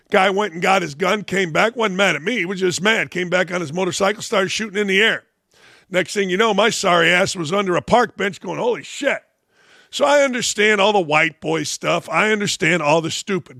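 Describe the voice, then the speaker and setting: A man's voice: sits high, gravelly, sharp tone, no echo, clean studio sound. A man in his sixties from Northwest Indiana hosting a sports commentary show, blunt, combative and profane, a little under the weather. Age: 60s. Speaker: host.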